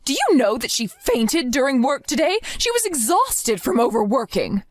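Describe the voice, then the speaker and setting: A woman's voice: high-pitched, very animated, normal speed, no room sound. A woman voicing a protective, stern grandmother who demands answers and scolds firmly in a dramatized story. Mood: scolding. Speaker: narrator and grandmother.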